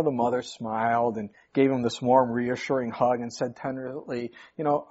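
A man's voice: medium pitch, level tone, normal speed, few pauses, a little mellow. A male pastor preaching a sermon, emphatic, his voice rising sharply on key points. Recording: muffled lo-fi recording.

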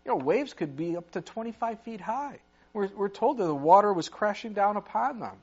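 A male pastor preaching a conversational sermon and reading scripture aloud, with his voice growing loud when he acts out cries for help. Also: high-pitched, expressive, moderate pace, slightly rough, lo-fi sound.

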